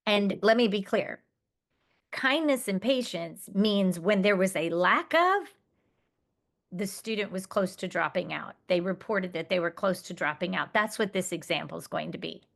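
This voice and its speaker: A woman presents to an audience of teachers. She explains her findings earnestly, pausing to restart and clarify, and her voice sits at an ordinary pitch for a woman. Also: lively intonation, creaky. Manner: earnest, explanatory, with restarts and quoted student words. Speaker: conference presenter. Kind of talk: conference presentation.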